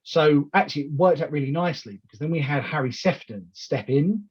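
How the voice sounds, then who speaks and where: A man in casual interview chat as a wrestling promoter, telling animated stories full of restarts and acted-out quotes. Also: a little high, a little fast, slightly rough, muffled recording. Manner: animated storyteller who acts out quoted lines, with many restarts.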